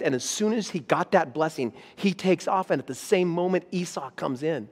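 A man's voice: a little high, normal speed, hardly any pauses, long reverb tail. A man, a pastor, preaching a sermon, reading scripture with rising intensity and then speaking plainly to the congregation. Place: church auditorium.

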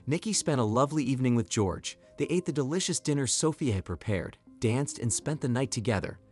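A man reads a scripted drama story aloud in an expressive, even-paced manner. His pitch moves widely. Faint background music plays under the narration. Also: a little fast.

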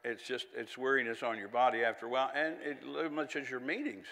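A man's voice: medium pitch, steady tone, brisk, pushed and bright, big-room sound. A man preaching a sermon in a folksy, conversational way, with chatty asides and little laughs.

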